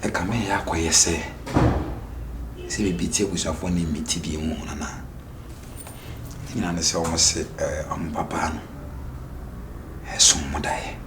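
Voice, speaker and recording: A man's voice: low-pitched, flat delivery, normal speed, long pauses, heavy background noise. An actor with a Ghanaian accent playing an anxious young man who stammers and repeats words in a comedy drama. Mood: worried.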